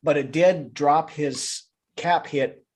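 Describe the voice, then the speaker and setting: A man's voice: on the high side, takes it slowly, darkish tone. A man co-hosting a live sports talk show, chatting casually with lots of fillers and restarts. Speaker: podcast co-host.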